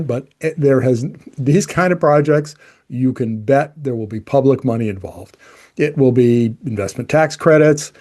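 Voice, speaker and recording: A man's voice: mid-range voice, warm tone. A man giving conversational, emphatic energy commentary, often restarting his sentences. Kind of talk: opinion commentary to camera.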